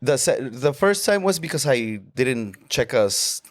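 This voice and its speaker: A man's voice: medium pitch, big pitch swings, measured pace. A man from Mexico co-hosting a podcast in casual chat, rambling and self-deprecating, dropping in Spanish words. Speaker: podcast co-host.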